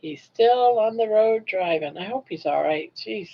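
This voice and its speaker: Slow-talking older woman chatting live. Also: medium pitch, lively intonation, gravelly, highs cut off. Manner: chatty, reacts aloud to viewer comments. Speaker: livestream host. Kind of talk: casual live-stream chat.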